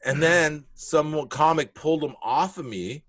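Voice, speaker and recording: A man's voice: a little high, a little slow. A male comedian telling a wild story in casual, blunt talk, swearing freely and acting out the moments. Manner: animated, blunt, profane storytelling with acted-out moments. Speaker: comedian guest.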